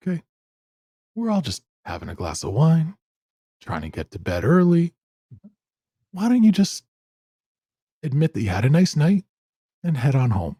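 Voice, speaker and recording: A man doing a calm, towering, laid-back man. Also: fairly high pitch, dry recording, clean studio sound. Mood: soothing. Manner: calm, soothing, unhurried.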